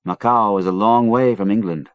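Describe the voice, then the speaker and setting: A man reading an audiobook, voicing a lanky young sailor who speaks gently, dryly and a little dolefully. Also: on the low side, steady tone, normal speed, clear, resonant tone, no echo, muffled recording, lightly acted. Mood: guarded. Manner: soft, doleful, dry. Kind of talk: audiobook character voice.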